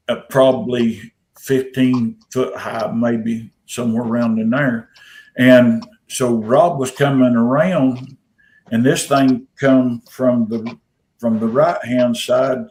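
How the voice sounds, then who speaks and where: A man's voice: mid-range voice, a little mellow, slight background noise, low-quality recording. A man with a Southern US accent telling a long story in a casual, rambling, folksy way, with frequent restarts. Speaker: podcast guest telling an encounter story.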